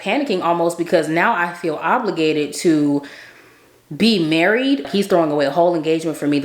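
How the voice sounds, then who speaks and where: Fast-talking woman telling a dream story. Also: deep voice, echoey room. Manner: animated, quotes herself and others, laughs often. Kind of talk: casual spoken storytelling.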